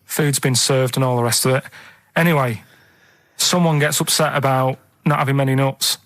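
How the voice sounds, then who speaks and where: A man in his thirties with a Manchester accent, telling an odd news story on a radio show in a flat, unbothered way. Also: medium pitch, moderate pace, a little hiss or hum. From England. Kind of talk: deadpan comic radio chat. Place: radio studio. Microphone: studio microphone.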